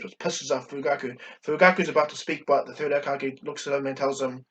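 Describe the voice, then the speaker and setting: A man's voice: mid-range voice, steady tone, normal speed, hardly any pauses, a bit bright, distant mic, highs cut off. A man casually retelling a fan-made story, rambling with many fillers and restarts.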